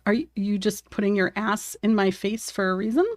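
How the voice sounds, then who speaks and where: A woman with a mid-range, slightly mellow voice talks briskly and fairly evenly, recorded clean in the studio with no room sound. She chats casually on a live art stream while painting at her home desk, talking to her cat and viewers and laughing often.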